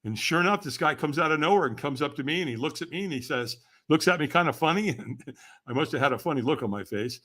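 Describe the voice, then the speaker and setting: A man's voice: on the high side, lively intonation, fast, a bit bright. An older man, a podcast guest, telling a story with energy and acting out the voices of the people in it. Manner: acts out quoted voices, laughs often. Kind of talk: animated storytelling.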